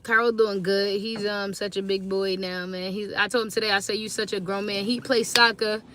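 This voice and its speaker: A woman's voice: medium pitch, steady tone, normal speed, a bit bright, a little hiss or hum. A tired woman talking casually to viewers on a phone live stream, chatty and slangy, greeting them again and again. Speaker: livestreaming mom.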